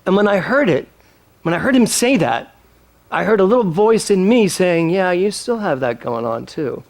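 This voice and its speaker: Speaking at normal speed in a high voice, a minister delivers a forceful, lively sermon full of earnest feeling that draws responses from the congregation.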